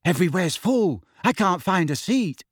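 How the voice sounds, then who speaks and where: A man's voice: sits high, sing-song, moderate pace, slightly rough, dry recording, studio quality, voice pushed up, full character voice. A man reading a story aloud, voicing a clumsy, eager teenage boy wizard who talks breathlessly and earnestly. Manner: breathless, earnest, a little flustered.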